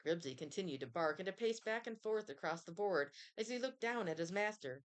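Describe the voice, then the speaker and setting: A woman reading a children's chapter book aloud in an expressive storytelling manner. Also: fairly low pitch, brisk. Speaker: reader.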